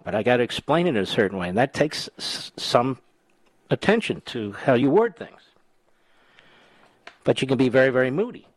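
A man's voice: fairly high pitch, dry recording. A man hosting a talk radio show, chatting with callers and telling stories in a teasing way. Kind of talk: talk radio chat and monologue. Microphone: studio mic.

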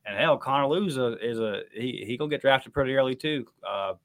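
A man co-hosting a sports podcast, chatting casually about a game. He builds into heated, emphatic rants, pushing his middle-pitched voice much higher when frustrated. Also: fast. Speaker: podcast co-host. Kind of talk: casual sports recap chat.

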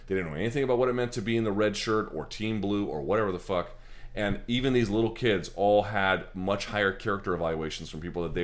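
A man hosting a casual post-fight show, talking loosely and emphatically with lots of fillers and the odd curse. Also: low-pitched. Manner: loose, profane, rambling and emphatic, many fillers. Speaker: MMA show host. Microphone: handheld camera.

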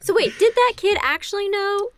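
A woman's voice: very high voice, expressive, normal speed. A woman co-hosting a podcast, asking curious follow-up questions in casual chat. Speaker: podcast co-host.

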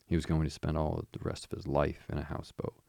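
Storybook water rat, male, cheery and chatty, very deep and gravelly, read by a man. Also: monotone, quick pace, a little mellow, no room sound, studio quality.

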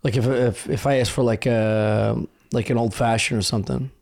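A man's voice: medium pitch, moderate pace. A man joking around in casual podcast chat, swearing freely. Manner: joking, profane, lively banter.

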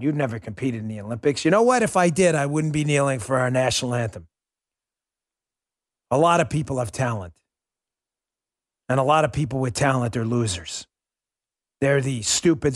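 A man's voice: medium pitch, dry recording, clean studio sound. A man hosting a political commentary show, ranting in a heated, sarcastic way. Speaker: podcast host.

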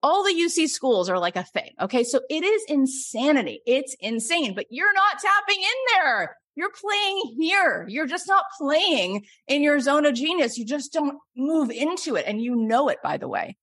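A middle-aged woman host coaching a caller, telling animated stories and then leading a soft guided meditation. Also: sits high, moderate pace, few pauses. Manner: animated, storytelling, swings between excited and soft.

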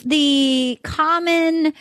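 A woman's voice: high-pitched, very slow, dry recording. A woman hosting a podcast, chatting casually and laughing often. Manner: giggly, lively banter, laughs often. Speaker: podcast host. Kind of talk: casual chat.

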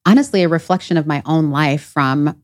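A woman's voice: low voice, brisk, a little mellow. A woman in her thirties, a podcast guest who works as a healer, talking in an earnest, heartfelt way. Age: 30s. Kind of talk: casual podcast conversation.

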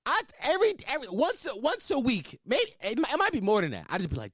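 A young host fires off casual comic commentary on his podcast, talking fast with few pauses in a high-pitched voice. The riffs are animated, profane and laughing, and the recording is dry and studio quality.

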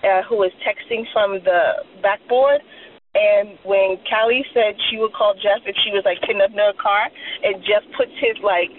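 A woman from Maryland leaving an enthusiastic, giggly voicemail message. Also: mid-range voice. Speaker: caller. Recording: tinny phone line with background hum.

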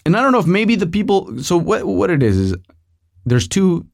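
A man's voice: high-pitched, very animated, normal speed, creaky. A middle-aged man hosting a podcast, telling a rambling comic story with digressions and asides to the listener. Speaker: podcast host.

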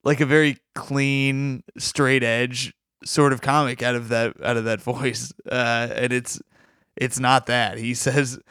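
A man's voice: medium pitch, level tone, takes it slowly, fairly bright tone, clear, resonant tone, no room sound, studio quality. Enthusiastic man hosting a podcast. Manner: enthusiastic, rambling with restarts. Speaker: podcast host. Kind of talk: casual podcast chat.

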